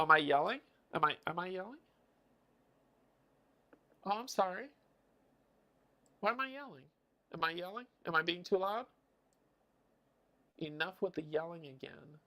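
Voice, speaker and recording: A man's voice: sits high, measured pace, long pauses, pushed and bright. A man streaming live, casually thinking aloud and counting his moves as he plays a board game. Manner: muses and counts moves under his breath.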